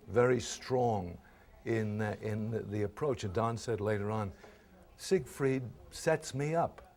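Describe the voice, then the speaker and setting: An older man from Brooklyn, an actor being interviewed, telling lively anecdotes and acting out the lines he quotes. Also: fairly low pitch. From Brooklyn, New York. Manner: lively storyteller who acts out quoted lines.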